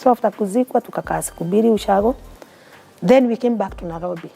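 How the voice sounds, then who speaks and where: A woman's voice: medium pitch, fast talker, vocal fry, warm tone, a little hiss or hum. A woman with a Kenyan accent, a guest in an interview telling her personal story in an earnest, heartfelt way. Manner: mixes English and Swahili, earnest and heartfelt.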